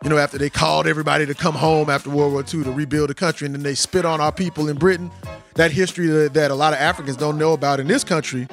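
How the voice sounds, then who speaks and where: A man's voice: fairly high pitch, steady tone, rapid-fire, soft background music. A man from Texas with a Southern drawl, talking in an emphatic, rambling, slangy way in a casual discussion. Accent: Texan Southern drawl. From Austin, Texas.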